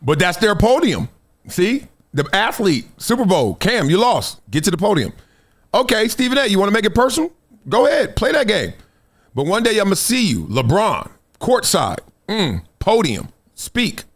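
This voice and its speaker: A man hosting a live sports talk show, animated and laughing often, dropping his voice for quoted asides. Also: high-pitched, moderate pace. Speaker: host.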